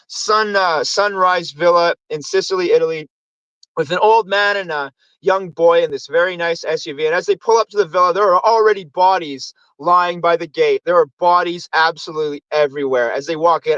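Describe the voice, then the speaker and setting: On his casual movie review show, the host wanders through storylines and acts out lines from the films. He has a high-pitched, fairly bright voice, heard in dull audio without echo.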